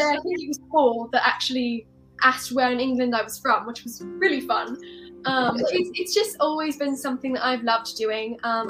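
A young woman with a high, bright voice eagerly describes her acting dreams in casual interview answers, bubbly and earnest and laughing easily between thoughts. She's an actress and voiceover artist appearing as a guest over a remote video call, and the recording quality is low.

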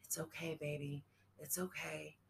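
A woman narrator voicing a mother, soft and imploring. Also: lowish voice, measured pace. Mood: tender. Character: dying mother, tender and pleading.

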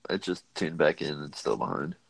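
A young man co-hosting a podcast, chatting laid-back about basketball, slangy and quick to laugh. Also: extremely low pitch, expressive, creaky, husky, no room sound, poor audio. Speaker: podcast co-host. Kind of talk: casual sports chat.

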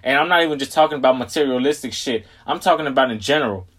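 A young man hosting his own podcast, talking casually and rambling, swearing often and slowing right down to stress key phrases. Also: mid-range voice, fairly bright tone. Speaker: podcast host. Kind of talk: casual solo podcast talk.

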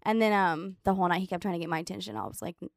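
A woman co-hosting a casual podcast, telling stories with swearing and lively energy. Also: fairly low pitch, racing, vocal fry, dry recording, studio quality. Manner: animated, profane anecdote telling. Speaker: podcast co-host. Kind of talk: casual chat.

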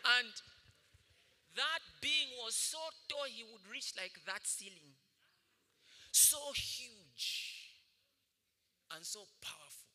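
A man, a senior pastor, preaching a sermon with animated storytelling and frequent laughter. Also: extremely high pitch, slow, long pauses. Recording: echoey hall reverb.

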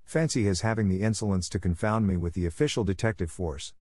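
A calm, ironic detective speaks in a bland, unruffled way, as a man reads him. The voice runs low and the sound is dry and close. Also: fast, dry recording.

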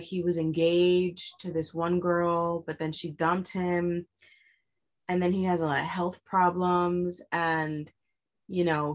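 Speaking in a lowish voice, a young woman recounts something from her own life with blunt candor. She curses a lot and hammers her points home.

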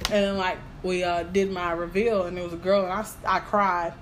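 A young woman with a lowish voice speaks briskly as a chat guest, vividly retelling her story and voicing people's quotes. Background noise runs underneath.

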